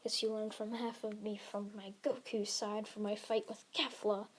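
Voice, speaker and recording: A woman's voice: medium pitch, level tone, moderate pace, a little hiss or hum, lightly acted. A woman voicing a proud, cocky male warrior in a fan-made story, speaking in a smug, offhand way.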